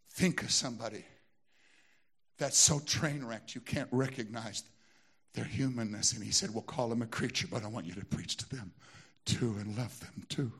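A man with a Southern American accent preaching a sermon in a church, moving between hushed storytelling and shouted exhortation. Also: mid-range voice, slightly rough. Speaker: pastor.

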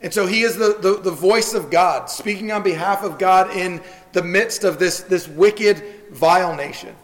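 An earnest male pastor preaching to his congregation, often doubling words as he begins a thought. His voice sits high for a man. The sound carries a long church-hall reverb. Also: moderate pace. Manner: earnest, repeats words when starting phrases. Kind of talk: sermon. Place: church sanctuary.

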